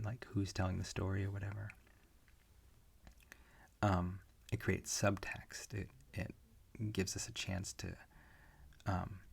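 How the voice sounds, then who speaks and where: A male instructor talks through an online comics lesson in a relaxed, rambling way. His low voice is gravelly and husky, and he pauses on frequent fillers. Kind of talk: online lecture.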